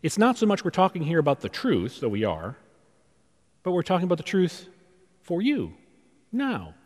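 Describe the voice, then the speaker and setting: Male pastor preaching a sermon, lively pitch, long hall reverb, conversational with rhetorical pauses. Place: church sanctuary.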